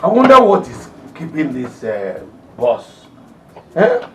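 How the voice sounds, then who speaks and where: An actor playing a Nigerian father of the bride, with a gravelly voice, urging calm. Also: a little high, takes it slowly, heavily acted. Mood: placating. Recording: noisy room from a distance.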